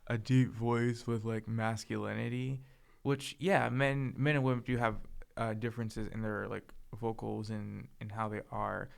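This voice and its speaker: A soft-spoken young man co-hosting a casual podcast chat, talking hesitantly with lots of filler words. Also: lowish voice, little pitch movement, unhurried, creaky. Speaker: podcast co-host.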